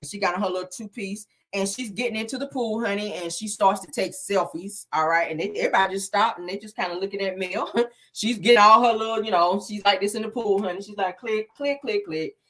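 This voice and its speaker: A woman's voice: mid-range voice, fairly quick, fairly bright tone. A woman casually recapping a reality show, sassy and gossipy, sprinkling in "honey" and "child.".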